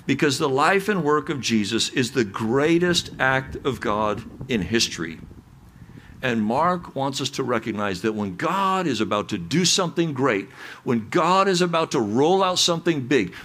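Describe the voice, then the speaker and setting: Guy preaching a sermon, chatty with restarts, gets emphatic reading scripture, middle pitch. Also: fairly bright tone. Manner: conversational with restarts. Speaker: pastor.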